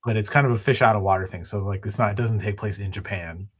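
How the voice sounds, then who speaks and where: A man's voice: fairly low pitch, fast talker. A man who is a comic book artist, a podcast guest talking in a laid-back, hesitant way full of fillers. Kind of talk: casual chat.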